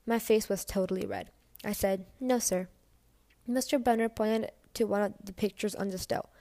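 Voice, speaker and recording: A woman's voice: medium pitch, fairly even intonation, fairly quick, mellow, no room sound. A woman reading a novel aloud in a casual, first-person storytelling way. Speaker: audiobook reader.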